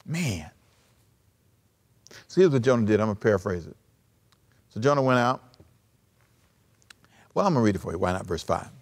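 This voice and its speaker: A man preaching a sermon as pastor, animated and conversational, with joking asides. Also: lowish voice, moderate pace, pauses often.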